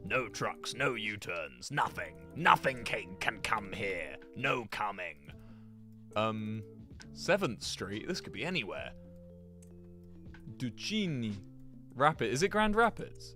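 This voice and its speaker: Chatty streamer, lively voice. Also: male voice, medium pitch. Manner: chatty and rambling, talks to chat, laughs often. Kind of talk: casual livestream commentary while playing a geography game.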